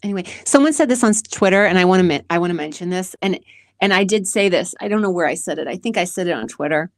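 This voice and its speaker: This low-pitched, animated woman talks fast in a casual personal monologue, hosting her own show about relationships. She rambles earnestly and emotionally, sometimes near tears, and the recording has no echo.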